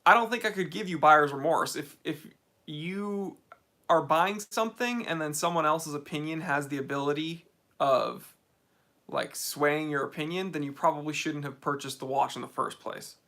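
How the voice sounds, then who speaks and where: Bright laid-back American guy. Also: a little high, moderate pace. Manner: laid-back, reads viewer comments aloud. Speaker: host of a watch channel livestream Q&A. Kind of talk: casual livestream chat. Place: game room at home.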